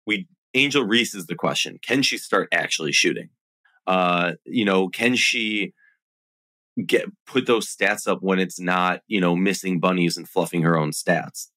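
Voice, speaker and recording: A low-voiced man with a Minnesotan accent, talking basketball on a casual podcast. His tone is bright and forceful, and he pushes his opinions hard. The sound is dry and close. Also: no echo. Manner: opinionated, animated, self-deprecating. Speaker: podcast host. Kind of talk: casual sports podcast chat.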